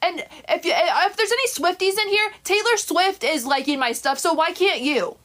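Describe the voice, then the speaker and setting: A woman's voice: very high voice, lively intonation, moderate pace, a bit bright. A woman on a live stream, scolding her chat in an indignant, sing-song way and breaking into improvised songs.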